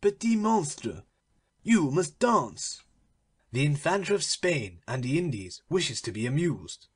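A man voicing an arrogant nobleman who gives orders slowly and loudly. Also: fairly high pitch, sing-song, breathy edge, exaggerated voice. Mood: commanding.

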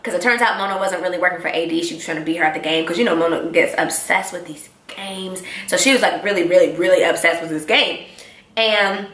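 A young woman talks through a TV recap in an excited, chatty way, piling up her reactions. Her voice is bright and forward. The room around her rings with echo. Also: on the low side, quick pace. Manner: excited, chatty, animated storytelling. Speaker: vlogger. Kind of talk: casual TV recap.

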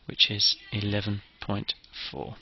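A man's voice: fairly low pitch, a little slow, gravelly, breathy edge, lo-fi sound. A man giving a methodical, step-by-step engineering lecture.

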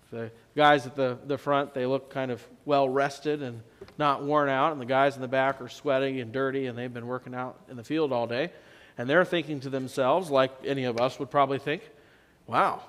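Male pastor, sermon, mid-pitched voice, conversational, dynamic emphasis, church reverb. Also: clear, resonant tone. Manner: conversational storytelling, shifts loud and soft for emphasis. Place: church sanctuary.

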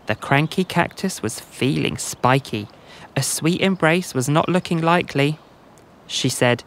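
A man narrating a rhymed bedtime story for children in a gentle storytelling manner. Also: mid-range voice, unhurried, vocal fry, soft background music.

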